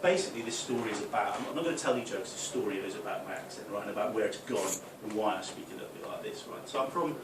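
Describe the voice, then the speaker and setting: A man's voice: on the low side, animated, rapid-fire, few pauses, echoey room. Young man from Newcastle with a faint Geordie accent, doing stand-up and ribbing the crowd; picked up from far back in a noisy club room. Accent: mild Geordie, mostly softened. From Newcastle, England. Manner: chatty, crowd-teasing, sweary, says "right?" a lot. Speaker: stand-up comedian. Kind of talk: stand-up comedy. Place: small club function room with audience.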